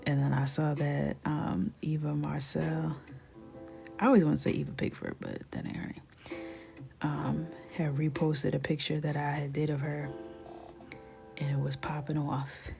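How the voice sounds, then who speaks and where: A woman in her thirties telling stories while she colors on a live stream, chatty and animated, often dropping to a near whisper. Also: sits low, a little slow, creaky, over music. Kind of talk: casual storytelling while coloring.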